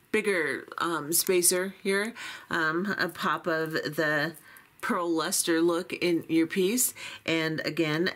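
A woman's voice: sits low, a bit bright, a little hiss or hum. A woman hosting a beading channel, chatting casually through an unboxing in a chatty, self-deprecating way with many fillers. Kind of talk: unboxing walkthrough, casual chat.

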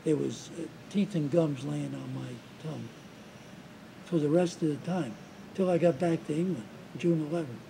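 Interviewed about his wartime memories, a man in his seventies speaks in a halting way, with restarts and repeated words. His voice is slightly high and creaky, and noise can be heard in the background.

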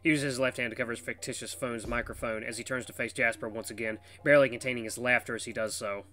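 A man reading a visual novel's second-person narration with brisk, lively storytelling. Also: mid-range voice, soft background music.

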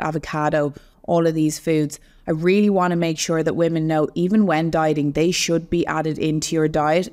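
A woman's voice: low-pitched, a little mellow. A young adult woman, an online fitness coach, explaining earnestly as a guest in a casual podcast conversation. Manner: earnest, explanatory, speaks to women listeners directly.

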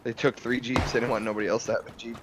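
A man's voice: mid-range voice, little pitch movement, rapid-fire, a bit bright, a little hiss or hum. A young man in a gaming voice chat, giggly and full of crude jokes. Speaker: friend in voice chat.

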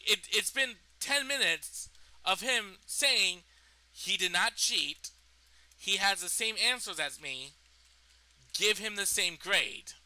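A man's voice: high-pitched, bright, forceful tone, dry recording, rough recording. A young man in a vlog, indignantly retelling a personal story and swearing freely. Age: young adult. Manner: indignant, profane retelling of events. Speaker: vlogger.

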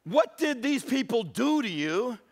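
Man putting on a stern, angry Moses, raised and slow. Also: very high-pitched, very animated, pitched above the performer's own voice, full character voice. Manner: stern, shouting. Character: furious stern Moses, a fed-up leader.

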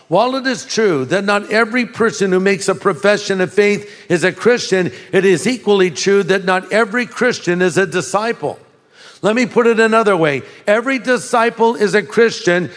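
A man's voice: sits high, a bit bright. Emphatic older man preaching, hall reverb. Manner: folksy storytelling with laughs and emphatic repetition. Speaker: pastor. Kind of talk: sermon.

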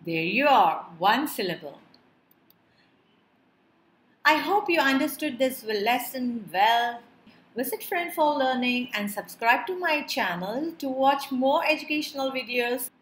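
A woman teaching a beginner lesson, speaking slowly and clearly and drawing out each word to show its parts. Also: high-pitched, expressive, a bit bright, reverberant. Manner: slow, clear, drawn-out word-by-word pronunciation. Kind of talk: children's lesson narration.

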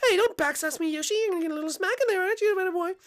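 Woman voicing a bossy princess, very high, quick, host of game role-play. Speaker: channel host. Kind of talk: Minecraft role-play video.

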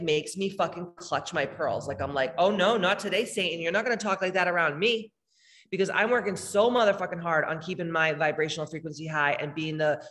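A woman's voice: sits low, a bit bright, long reverb tail. A woman spiritual healer hosting a live meditation, talking casually and bluntly with lots of swearing as she reads chat comments. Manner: blunt, profane, emphatic.

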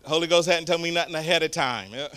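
A man preaching a storytelling sermon, swinging from hushed asides to loud shouts. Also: on the high side, fast. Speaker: guest preacher. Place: church sanctuary.

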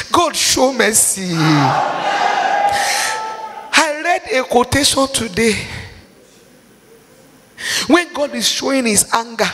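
Fervent preacher man with a high voice in a big echoing hall. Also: a bit bright. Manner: fervent, pleading, cries out and half-sings prayers. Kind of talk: impassioned sermon with Bible reading.

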